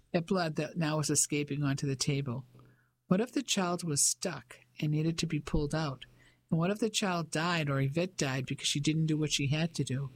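Measured audiobook narrator. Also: medium pitch. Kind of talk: scripted narration.

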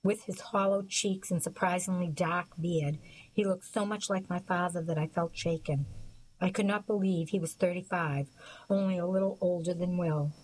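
A woman narrating an audiobook in a measured, even storytelling manner. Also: on the low side, slight background noise, poor audio. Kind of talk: scripted narration.

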